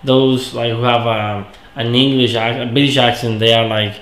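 A man's voice: medium pitch, fairly even intonation, normal speed, fairly bright tone, echoey room. A man hosting and playing a game, easygoing and agreeable, laughing along with his friend. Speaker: channel host and player. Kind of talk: casual gaming chat.

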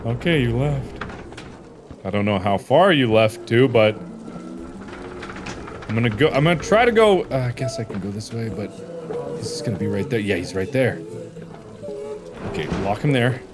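Excitable man yelling through a horror game. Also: mid-range voice, normal speed, pauses often. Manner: excitable, loud reactions and swearing. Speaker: gaming host. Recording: game music in background.

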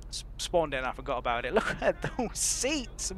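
A man chats through a roleplay game session, his voice slightly higher than most. He rambles, pokes fun at himself and laughs constantly, over a faint background hiss. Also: sing-song, normal speed, fairly bright tone. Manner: laughs often, rambling and self-deprecating. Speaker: roleplay streamer. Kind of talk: casual game roleplay chat.

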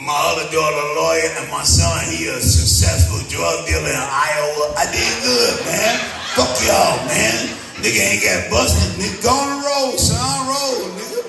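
Middle-aged male comic, high and very animated delivery, loud profane storytelling; echoey room, distant mic, music underneath. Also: normal speed, vocal fry. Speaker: stand-up comedian. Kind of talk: stand-up comedy set.

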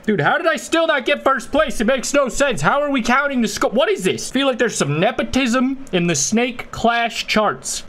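A man's voice: very high-pitched, expressive, a little slow, few pauses, loud music behind the voice. A man giving crude, jokey gameplay commentary, often switching into silly voices. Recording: loud game noise behind the voice.

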